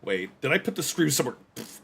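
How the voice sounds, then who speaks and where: A man's voice: mid-range voice, sing-song, fast, creaky, sharp tone, a little hiss or hum. A man streaming a survival game, chatting casually to his viewers with rambling, self-deprecating jokes. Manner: rambling, self-deprecating, joking asides to chat. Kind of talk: casual gameplay commentary.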